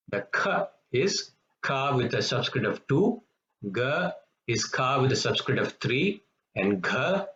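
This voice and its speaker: A man teaching pronunciation in a patient lesson, slowly repeating each example sound. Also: mid-range voice, a bit bright. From Tamil-speaking background, South India. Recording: echoey, slightly dull room recording.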